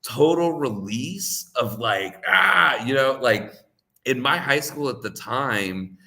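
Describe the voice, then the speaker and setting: A man's voice: medium pitch, expressive, slow pace, bright, forceful tone. A man telling a casual story, rambling with lots of "like" fillers and frequent laughs. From United States. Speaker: co-host.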